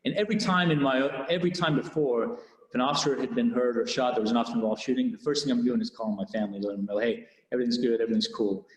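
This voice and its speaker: Male officer, mid-pitch, candid storyteller who quotes dialogue, echoey hall. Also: very fast. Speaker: police officer. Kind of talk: personal storytelling. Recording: roomy hall reverb.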